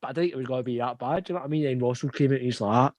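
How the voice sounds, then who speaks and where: A man's voice: mid-range voice, racing, a little mellow, no echo. A young man with a Scottish accent, telling a long laughing anecdote in casual chat, swearing freely. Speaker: podcast host.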